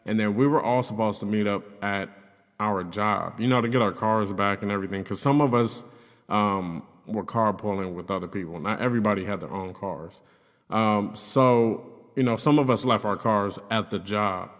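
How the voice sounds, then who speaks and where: A man's voice: on the low side, moderate pace. A young man casually telling a personal story, loose and profane, with lots of fillers. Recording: long reverb, hollow room sound.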